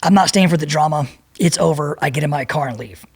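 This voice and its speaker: A middle-aged man telling a profane, animated story as a podcast guest and acting out the people in it. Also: on the high side, fast, gravelly, breathy edge. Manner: profane, animated, acts out voices in his anecdote. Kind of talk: storytelling in a casual interview.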